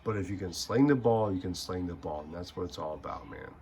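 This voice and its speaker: A young man with a low-pitched voice plays through a football video game and rants about players in a heated, rambling, heavily profane way. His voice stays casual but keeps getting fired up. A faint room hum sits under the recording. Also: fairly quick, dark tone. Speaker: gaming channel host. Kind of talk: casual gaming commentary rant.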